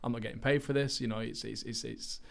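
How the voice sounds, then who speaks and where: Fast-talking earnest man, podcast guest. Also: mid-range voice, steady tone, vocal fry. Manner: earnest, rambling, with frequent restarts. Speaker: podcast guest, actor and racing driver. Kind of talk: casual interview chat.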